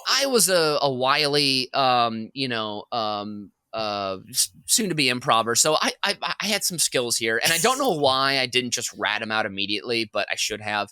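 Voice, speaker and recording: A man co-hosting a comedy podcast, telling a long workplace story in an animated, rambling way and laughing as he goes. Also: medium pitch, moderate pace, few pauses, smooth, dry recording. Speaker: podcast co-host.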